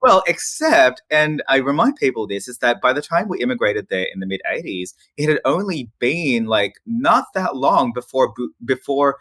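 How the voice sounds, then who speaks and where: A man in his forties from the Philippines, a podcast guest telling personal stories in a lively, restart-filled way with frequent laughs. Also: medium pitch, moderate pace, hardly any pauses, no echo. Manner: animated, laughs often, many restarts. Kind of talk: casual storytelling interview.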